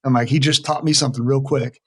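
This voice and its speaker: A middle-aged man from the United States talks quickly and earnestly as a podcast guest. His voice sits at a medium pitch and sounds close and dry, with no room echo. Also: fairly even intonation, husky. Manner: earnest, emphatic. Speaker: veteran mental health worker, interview guest. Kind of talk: casual conversational interview.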